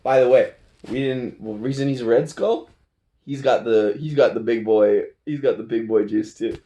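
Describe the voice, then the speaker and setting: A man's voice: medium pitch, fairly even intonation, normal speed, warm tone, slight background noise. A man retelling a film in a loose, playful ramble, his voice in an everyday middle register. He laughs often and trips over his words, correcting himself as he goes. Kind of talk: casual movie recap.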